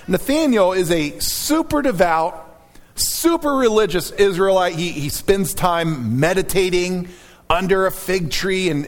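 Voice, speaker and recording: A man preaching a sermon to his church, reading scripture aloud in a dramatic, animated way. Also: high-pitched, long reverb tail. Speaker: pastor.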